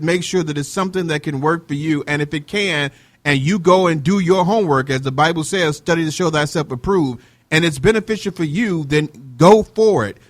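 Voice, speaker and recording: A man's voice: on the high side, a bit bright. Upbeat joking male talk show host. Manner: jokey, preachy, many fillers. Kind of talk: casual talk show chat.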